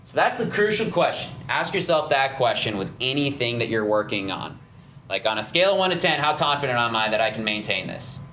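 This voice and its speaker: A man's voice: medium pitch, very animated, brisk, pushed and bright, echoey room, a little hiss or hum. A man leading a nutrition seminar as a fitness trainer, casual and encouraging, often checking in with "right?" and "okay?". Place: fitness studio seminar room.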